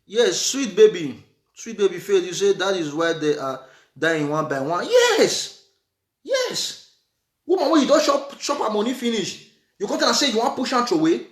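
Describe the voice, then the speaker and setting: A man's voice: high voice, animated, fairly quick. A man with a Nigerian accent gives earnest, repetitive relationship advice in a casual preachy monologue, mixing in Nigerian Pidgin. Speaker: vlogger giving relationship advice. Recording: echoey room.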